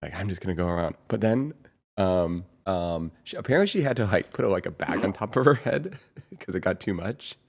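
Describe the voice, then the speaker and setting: Guy with a lowish voice just chatting, lots of um and like, kinda rambly, chuckles here and there. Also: lively intonation, normal speed, creaky. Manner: rambling, many fillers, searching for words; chuckles between phrases. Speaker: streamer's brother, guest on stream. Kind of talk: casual chat.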